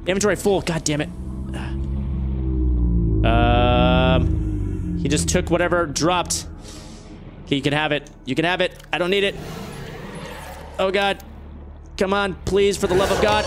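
Let's-play host, male, fairly high and very animated voice, exasperated ranting commentary, faint music behind. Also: a little slow, long pauses. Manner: exasperated ranting, pitch jumps when frustrated. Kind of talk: gameplay commentary.

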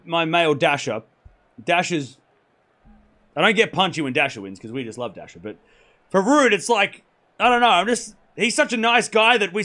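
A hoarse man hosting a live tennis stream, talking excitably and rambling while chatting with viewers. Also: on the high side. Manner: excitable, rambling, self-correcting. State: hoarse from hours of shouting.

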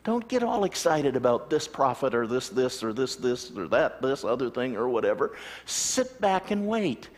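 A man preaching a sermon as a pastor, animated storytelling with acted-out voices. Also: medium pitch, normal speed, hardly any pauses. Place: church sanctuary. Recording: long church reverb.

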